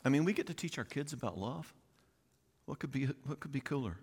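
Middle-aged man, folksy conference speaker, lively pitch, reverberant hall. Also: a little fast, slightly rough. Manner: animated and folksy, acts out quoted voices. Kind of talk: conference talk. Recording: long reverb of a large hall.

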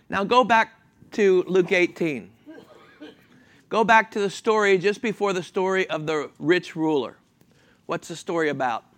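A man preaching a sermon, asking the congregation questions and answering them himself, with an animated, chuckling delivery. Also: high-pitched.

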